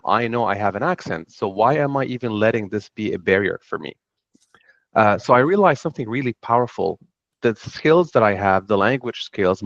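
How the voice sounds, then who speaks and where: A man's voice: lowish voice, a bit bright, no room sound. A middle-aged man from Lebanon with a Lebanese accent, speaking earnestly on a panel about his own path. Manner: earnest, reflective storytelling. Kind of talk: panel talk. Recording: dull dry sound.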